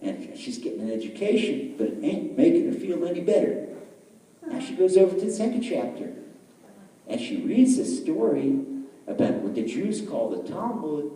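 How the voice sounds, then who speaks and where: A man telling a story in a sermon, animated, acting out the characters' voices as he goes. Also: on the high side, moderate pace. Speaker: rabbi giving a lecture. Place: large lecture hall. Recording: echoey hall, speaker far from mic.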